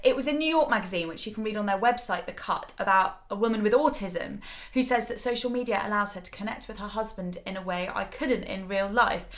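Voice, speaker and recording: Brief: young woman, podcast co-host, earnest and emotional, mid-pitched, casual chat. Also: fairly quick, few pauses. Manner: emotional, earnest, easily moved to tears. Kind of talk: casual chat, reading articles aloud.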